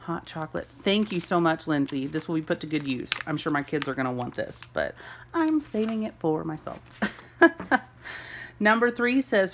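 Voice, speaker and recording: A woman chats through an unboxing vlog at home, gasping and gushing over every little gift. Her voice sits on the low side for a woman. A faint hum of the room runs underneath. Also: very animated, moderate pace. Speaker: homeschool mom vlogger.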